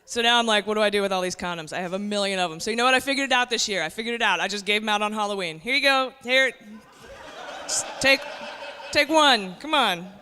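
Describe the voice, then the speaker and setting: A woman's voice: mid-range voice, rapid-fire, few pauses, pushed and bright, clear, resonant tone. A woman in her forties doing a stand-up comedy set, brash and conversational, talking straight to the crowd. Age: 40s. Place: comedy club stage. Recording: long hall reverb, faint noise.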